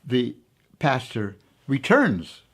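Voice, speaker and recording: Man, interview guest, gravelly voice, husky tone, hesitant storytelling with pauses. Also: medium pitch, huge pitch swings, a bit bright. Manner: hesitant, many pauses and fillers; reflective, unhurried storytelling.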